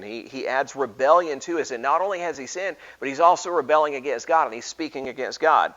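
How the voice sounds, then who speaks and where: A man's voice: fairly high pitch, lively intonation, a little fast, fairly bright tone, dull audio. A man leading an informal Bible study, talking casually with frequent restarts and reading scripture aloud.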